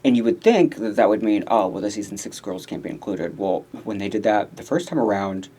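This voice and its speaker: A man's voice: on the low side, expressive, fairly quick, warm tone, breathy edge. A man co-hosting a casual chat show, talking in a chatty, gossipy way. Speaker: podcast co-host.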